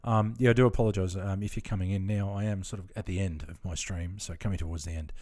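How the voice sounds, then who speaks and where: A relaxed Australian man talks loosely to his live chat while he plays. His voice sits fairly low, and he rambles from one thought to the next with plenty of fillers. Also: quick pace. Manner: rambling, laid-back, chatting with viewers. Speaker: game streamer. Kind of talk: casual live-stream chat.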